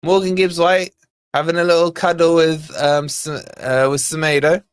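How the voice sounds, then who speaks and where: A man's voice: a little high, flat delivery, moderate pace, smooth, no echo, clean studio sound. A man hosting a football watch-along stream, chatting, joking and mildly swearing to viewers. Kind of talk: casual live-stream chat and commentary.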